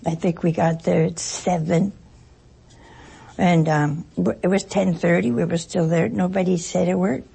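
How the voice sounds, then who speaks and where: Very husky, gravelly woman telling stories. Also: on the low side, steady tone, unhurried, mellow, poor audio. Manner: folksy, joking storyteller; acts out short exchanges in other voices. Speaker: speaker addressing an audience. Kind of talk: informal spoken talk with anecdotes.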